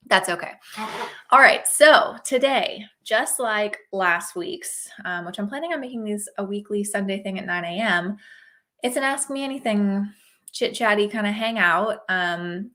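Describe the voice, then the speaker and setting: Greeting her viewers by name, an upbeat, chatty Oregon woman runs a casual livestream while getting over a slight cold. Her voice is mid-range, pushed and bright.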